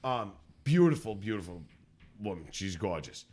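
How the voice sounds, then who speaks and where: A man's voice: fairly low pitch, big pitch swings, normal speed, darkish tone. A man co-hosting a podcast, telling a story in casual chat, laughing often and acting out quotes in a raised voice. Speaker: podcast co-host.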